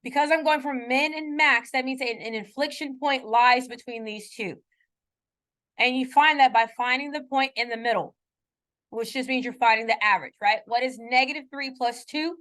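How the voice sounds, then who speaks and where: This math teacher speaks at normal speed in a high-pitched, fairly bright voice. Her lecture is casual, and she regularly checks in with students while tossing off playful jokes at her own slips.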